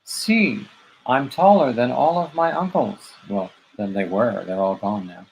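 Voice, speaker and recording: A man's voice: medium pitch, measured pace, creaky, slight background noise, poor audio. A man appearing as a guest on a live stream, chatting casually in a dry, understated way.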